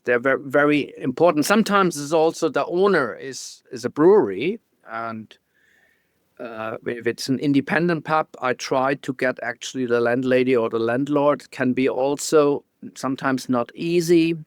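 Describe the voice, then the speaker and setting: A man with a German accent, a guest photographer telling stories in a casual interview, halting and restarting often with small laughs. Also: medium pitch, clean tone, no room sound, studio quality.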